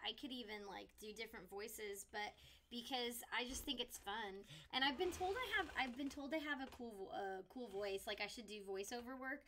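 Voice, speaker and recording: A woman's voice: fairly high pitch, normal speed, sharp tone, slight background noise. A woman co-hosting a live stream, chatting casually and enthusiastically, often restarting sentences. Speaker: co-host.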